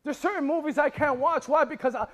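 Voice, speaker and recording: A man with a very high voice preaches a fervent sermon, swinging between hushed lines and shouts. He calls on the congregation to answer him. His voice rings through a long reverberant hall. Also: fast. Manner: impassioned preaching with rising shouts and call-and-response. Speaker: pastor.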